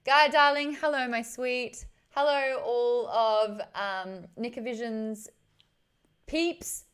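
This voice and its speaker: A woman's voice: on the high side, fairly even intonation, slow pace, fairly bright tone, smooth. A young adult woman, chatting casually with viewers on a live stream, greeting the chat and laughing often.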